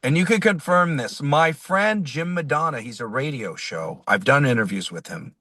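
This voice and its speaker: A man, a singer-songwriter, telling a personal story as a guest in an interview, lively and quoting others as he goes. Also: medium pitch, moderate pace, dry recording. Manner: animated, quotes people in his stories.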